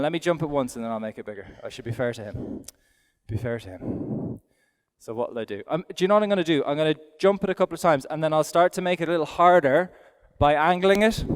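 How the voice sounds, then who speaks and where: A middle-aged Irish man coaches aloud from the saddle in a chatty, self-deprecating way. His voice is smooth and fairly high for a man. A long reverb from a big indoor arena follows every word. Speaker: event rider giving a riding demonstration. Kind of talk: live demonstration commentary.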